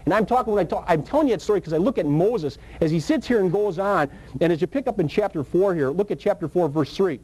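Husky, animated preacher telling his testimony. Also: quick pace, rough recording. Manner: animated storytelling with sudden high excited bursts. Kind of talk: testimony sermon.

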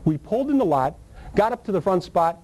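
Male preacher, testimony sermon: husky, quick-talking storyteller with excited high bursts. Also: poor audio.

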